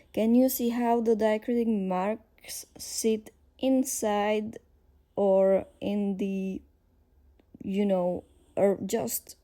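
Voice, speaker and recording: Woman with a Slovak accent, slow language teacher, hesitant, gravelly and very dark voice. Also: mid-range voice. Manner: hesitant, many fillers, thinks aloud. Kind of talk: casual explanatory lesson.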